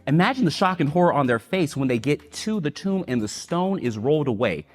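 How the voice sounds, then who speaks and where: A man telling a sacred story as a dramatic spoken-word sermon, swinging between hushed and loud and slowing for emphasis. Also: a little high, expressive. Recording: long hall reverb, faint music.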